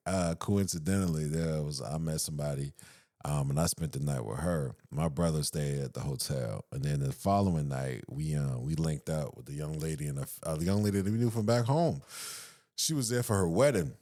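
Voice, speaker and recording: A Southern man in his thirties tells a story on a podcast, his pitch swinging widely. He voices each quote in a raised, animated tone, swears freely, and breaks into laughter. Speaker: podcast host. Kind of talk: casual storytelling.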